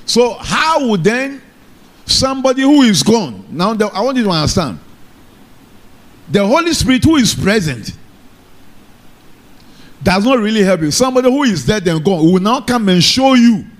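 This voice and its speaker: A man preaches in church, his voice sitting high for a man. He keeps checking in with his congregation, asking if they are together and calling for an amen. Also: big pitch swings, moderate pace, pauses often. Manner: call-and-response preaching, asks the congregation for amen. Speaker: pastor. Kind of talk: sermon.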